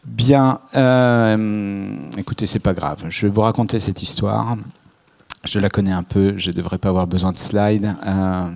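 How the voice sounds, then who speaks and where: A man's voice: on the low side, a little mellow. A man from France giving a keynote at a conference, speaking hesitantly with many fillers and restarts. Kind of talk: conference talk. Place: conference hall stage.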